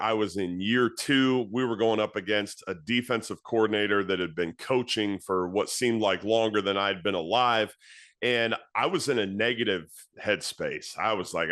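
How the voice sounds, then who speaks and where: A man in his thirties, a football coach, tells a story in an earnest way and leans on repeated phrases. His voice sits fairly low. The sound is dry and close, with no room around it. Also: fairly bright tone, no echo. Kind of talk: motivational talk to coaches.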